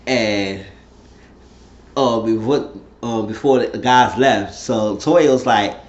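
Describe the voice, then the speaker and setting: A man's voice: lowish voice, slow. A man casually recapping a reality TV episode, rambling through the story in loose, slangy talk. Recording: roomy, dull lo-fi sound.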